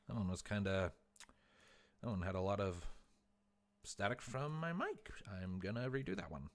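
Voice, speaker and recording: A man's voice: on the low side, sing-song, normal speed, long pauses. A man in his twenties, a voice actor chatting casually in a recording session, laughing and joking with crude words. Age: 20s.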